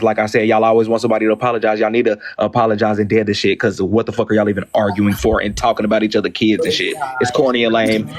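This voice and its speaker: A man hosting a live stream, moderating an argument between two women and telling them bluntly to take accountability. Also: lowish voice. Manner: firm, blunt, talks over interruptions.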